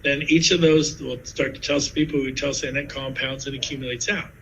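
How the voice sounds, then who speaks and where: A man in his fifties giving a sales pitch to fellow real estate agents, telling stories with lively asides. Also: brisk, creaky, highs cut off, slight background noise. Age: 50s.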